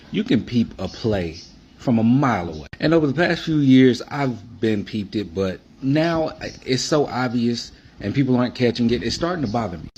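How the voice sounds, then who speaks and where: A man's voice: mid-range voice, darkish tone, highs cut off, a little hiss or hum. A man giving casual, slangy social media commentary.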